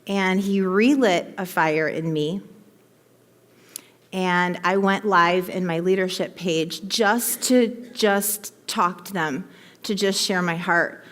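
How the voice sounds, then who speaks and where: A woman telling a heartfelt personal story to her team in an emphatic, animated way, in front of a live audience. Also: fairly low pitch, slow pace. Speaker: motivational speaker to her team. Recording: long hall reverb.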